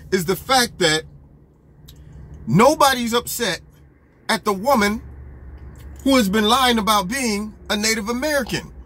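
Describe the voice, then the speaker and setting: A man giving opinionated political commentary in an animated, argumentative way, full of rhetorical questions. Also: high-pitched, husky.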